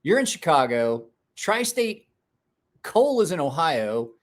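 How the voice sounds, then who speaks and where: A man's voice: a little high, very animated, unhurried. A man chatting casually on a live stream, rambling, restarting words, and talking to his dog in between.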